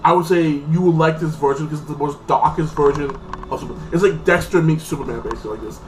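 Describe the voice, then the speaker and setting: A man gives a casual, rambling movie review, stuffing his talk with "like" and acting out the characters. His voice is on the high side and he talks fast. He sounds a bit far from the mic, with faint music playing behind him.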